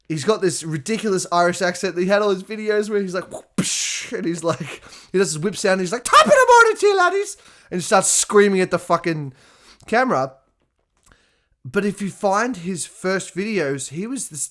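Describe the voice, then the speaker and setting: On his own podcast, a man with a mid-range voice delivers a casual solo monologue, candid and full of profanity. He laughs a lot and gets louder whenever he's excited.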